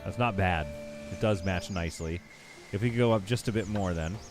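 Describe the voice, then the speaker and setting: A man's voice: sits low, a little fast. A man casually thinking aloud and bantering with his chat while he plays a building game on a live stream. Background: background game music.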